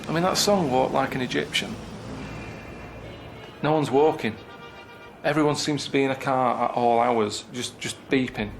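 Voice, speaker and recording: A man chatting casually in a deadpan, rambling way, moaning about his travels. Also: a little high, gravelly. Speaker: guest on a comedy travel show. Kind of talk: casual comedic chat.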